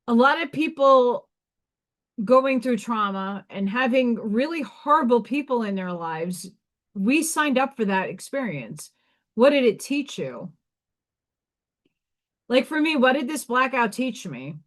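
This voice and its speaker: A woman's voice: a little high, lively intonation, unhurried. Frank woman with a Staten Island accent. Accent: Staten Island, New York. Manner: rambling, frank, swears casually, frequent restarts. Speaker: live stream host and oracle card reader. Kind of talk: casual live stream chat.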